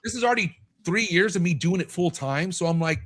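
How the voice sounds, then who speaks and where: A man's voice: high voice, animated, fairly quick, fairly bright tone. Candid, foul-mouthed man on a podcast. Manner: candid, swears freely, acts out quotes. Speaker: podcast guest. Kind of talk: casual podcast chat.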